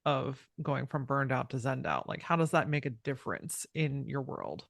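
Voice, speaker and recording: A woman's voice: a bass voice, very animated, moderate pace, creaky, no room sound, studio quality. A woman hosting a podcast interview, asking her guest questions in an encouraging way. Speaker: podcast host.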